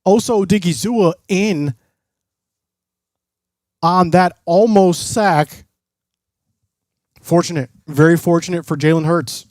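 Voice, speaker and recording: A man's voice: high-pitched, slow, long pauses, a little mellow, no echo, clean studio sound. A man streaming live play-by-play commentary, mixing broadcaster-style calls with casual asides to his chat.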